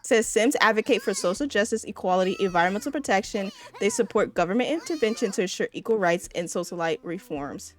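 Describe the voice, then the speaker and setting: A woman giving casual, chatty commentary while she plays a life-simulation game, often turning to her viewers with excited asides. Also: medium pitch, fast, hardly any pauses, faint music behind. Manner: chatty, addresses viewers as y'all, excitable exclamations. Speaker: let's play creator.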